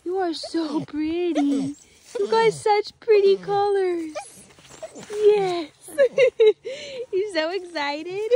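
A woman's voice: very high-pitched, lively intonation, drawn-out words, dark tone, slight background noise. A young woman dog breeder cooing at a puppy in sing-song baby talk.

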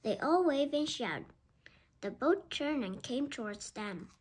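A woman reading a children's book aloud, slowly and carefully. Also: high-pitched, very animated, a little mellow, slightly rough. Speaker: storybook reader.

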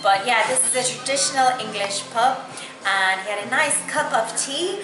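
A woman's voice: fairly high pitch, normal speed, echoey room, over music, rough recording. An Irish woman who works as a pub waitress, chatting to the camera and laughing often. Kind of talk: casual greeting to camera.

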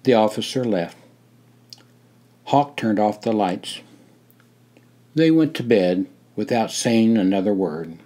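An older man reading his own memoir aloud in a measured storytelling way. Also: lowish voice, warm tone. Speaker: memoir narrator.

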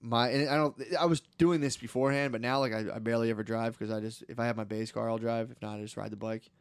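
A young man rambles through a story on a podcast, cursing freely and acting out the people in it. His voice sits at an ordinary middle pitch. The sound is dry and close, with no room around it. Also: steady tone, fast, smooth, no echo. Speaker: podcast co-host. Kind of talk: casual chat.

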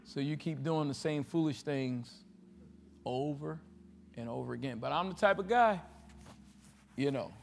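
High-voiced preacher man in a reverberant hall. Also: measured pace, vocal fry, long pauses, a little hiss or hum. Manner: preacherly call-and-response, swinging between loud exhortation and hushed asides. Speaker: pastor. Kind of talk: sermon. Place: church sanctuary with a congregation. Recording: livestream with long hall reverb.

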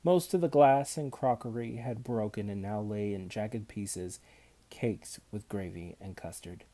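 Slow guy reading a kids book aloud, dark mellow voice. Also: lowish voice. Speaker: audiobook reader. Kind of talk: reading a children's novel aloud.

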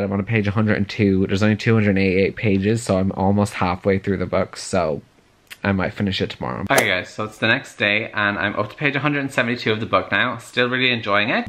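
Man, book vlogger, casual chat, lots of filler words, rambly, low pitch, bright tone. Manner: chatty, many "like" fillers, goes off on tangents. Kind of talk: casual reading vlog.

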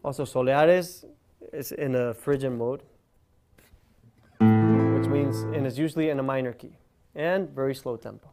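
A man's voice: medium pitch, moderate pace, gravelly, pauses often. A man giving a guitar lesson, explaining step by step and counting beats aloud over his own guitar playing. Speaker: guitar teacher.

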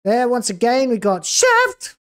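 A woman's voice: fairly high pitch, huge pitch swings, unhurried. A woman hosting a video reaction, talking in a sarcastic, scathing way with exasperated groans. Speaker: YouTube reaction host.

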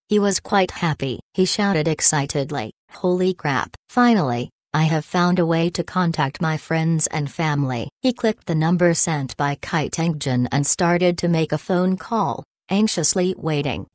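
Low-voiced woman reading a story. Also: darkish tone, no echo, clean studio sound. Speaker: audiobook reader. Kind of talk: scripted narration.

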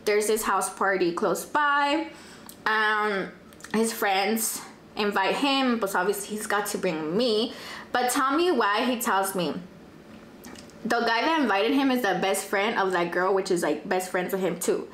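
A young woman, telling a dramatic storytime in casual chat, profane and animated, dropping in Spanish phrases. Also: medium pitch, measured pace, slight background noise. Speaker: vlogger. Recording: echoey room, faint ambience.

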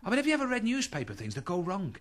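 A man's voice: sits high, racing. A middle-aged man doing stand-up, telling chatty anecdotes on stage and acting out the people in them. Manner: chatty anecdotes, acts out voices, lively. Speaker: stand-up comedian. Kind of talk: stand-up storytelling. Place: stage with live audience laughter.

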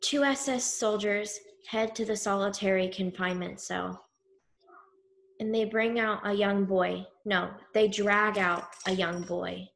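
A woman telling a story in the first person, slow and grave with weighty pauses. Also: medium pitch, fairly even intonation, gravelly, a bit bright, slight background noise. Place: synagogue event.

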